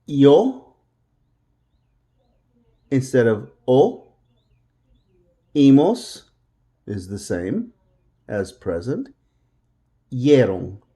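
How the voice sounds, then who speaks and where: A man teaching Spanish in an unhurried, easygoing way. His voice is soft and dark, and he repeats each word several times so learners can drill it. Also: mid-range voice. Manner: patient, repeats words slowly for drilling. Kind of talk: language lesson.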